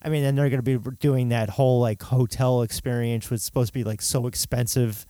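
A man hosts a casual chat, rambling along in a relaxed way. His voice sits at an ordinary pitch for a man. The recording is dry and close to the mic. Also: fairly quick, no echo. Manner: relaxed, rambling, many fillers.

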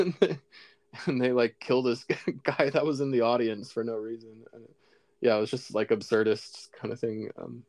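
A man's voice: medium pitch, flat delivery, normal speed, a little mellow, no echo. A man co-hosting a casual comedy chat, laid-back and laughing often, trailing off mid-thought. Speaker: podcast co-host.

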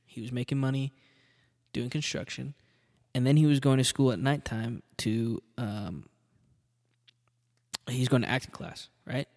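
A man hosting a solo podcast at a mid pitch, rambling and swearing a lot. He riffs loosely and leans on filler words. A long reverb hangs in the room. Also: fairly even intonation, unhurried, pauses often, a little mellow. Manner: rambling, profane, with laughs. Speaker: podcast host. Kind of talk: casual solo monologue.

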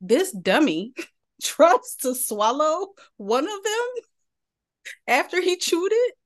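A woman's voice: high voice, slow. A woman, a podcast co-host telling a family story in casual chat, laughing as she goes. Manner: animated storyteller, laughs mid-sentence.

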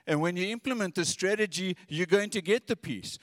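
A man's voice: high-pitched, brisk, hardly any pauses, a bit bright, no room sound, clean studio sound, long reverb tail. A man preaching a sermon in an earnest, conversational way, often repeating his words.

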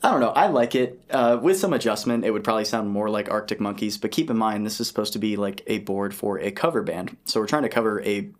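A man's voice: lowish voice, lively intonation, fast, hardly any pauses. A man hosting a casual chat, joking and rambling in a self-deprecating way. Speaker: host.

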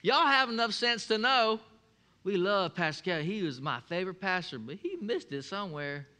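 A preacher man with a high, ringing voice, delivering a sermon full of folksy humor. He tells stories with a grin and calls the congregation to answer back. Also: animated, normal speed, sharp tone. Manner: folksy, humorous storytelling with call-and-response. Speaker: pastor.

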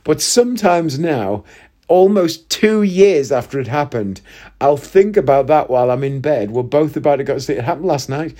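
A man in his forties telling funny personal stories in a casual, chatty way, breaking into loud laughter often. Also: on the high side, animated, moderate pace. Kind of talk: casual storytelling monologue.

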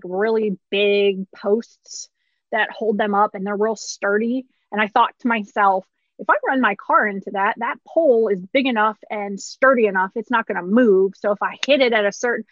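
A woman's voice: medium pitch, no echo, muffled recording. A woman in her thirties, a pharmacist, candidly telling a personal story with short laughs through hard moments.

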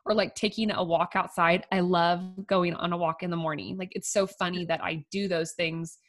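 Young woman co-host, lower voice, casual and chatty, many "likes". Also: fairly even intonation, moderate pace. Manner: chatty, says "like" often, laughs easily. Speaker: podcast co-host. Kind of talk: casual chat.

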